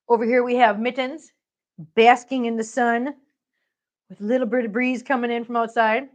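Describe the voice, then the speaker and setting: A woman vlogger carries her phone around her living room and outdoor catio on a casual live stream, chatting, laughing often, and cooing baby talk at her cats. Her voice sits on the high side with a level tone and normal speed, though the audio is dull.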